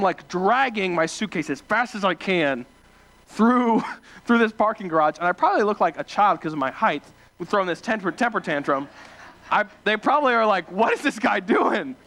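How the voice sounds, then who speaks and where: High-voiced young man preaching casually. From small-town Ohio, USA. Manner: animated, self-deprecating, many fillers and restarts. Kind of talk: casual storytelling sermon.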